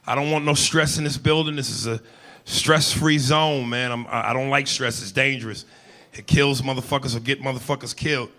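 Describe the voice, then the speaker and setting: A man doing a profane stand-up comedy set on a club stage, telling loose stories and breaking into loud impressions. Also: medium pitch, steady tone, fairly quick. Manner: loose, profane storytelling with bursts of shouted impressions. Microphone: handheld stage mic. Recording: live club recording with crowd laughter.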